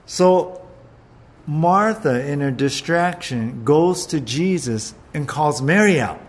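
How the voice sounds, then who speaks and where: A man's voice: a little high, unhurried. A man preaching a sermon in an earnest way, often repeating words and putting questions to his listeners. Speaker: pastor.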